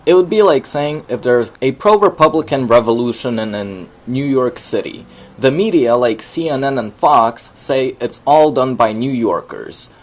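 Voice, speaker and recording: Man in measured explanatory voice-over. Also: medium pitch, animated. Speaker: narrator. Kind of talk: scripted voice-over narration.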